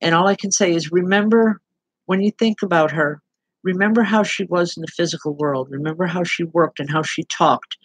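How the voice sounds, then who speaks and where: A woman's voice: on the low side, moderate pace, husky, no room sound, poor audio. A woman working as a medium, giving spirit readings online and speaking directly to people by name in an earnest, plain-spoken way.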